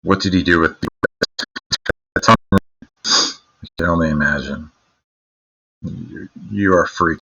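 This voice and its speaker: A man's voice: low voice, fairly even intonation, takes it slowly, creaky, pauses often, bright, forceful tone, husky, faint music behind, low-quality recording. A man streaming live, chatting casually with his viewers in a crude, joking, mocking way.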